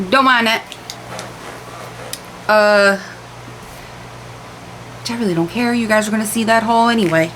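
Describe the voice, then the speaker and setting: A woman's voice: on the high side, slow, long pauses, a bit bright, slight background noise, low-quality recording. A woman chatting casually as she unboxes beauty products, candid and repeating words for emphasis, in a room lit by a ring light. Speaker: beauty vlogger.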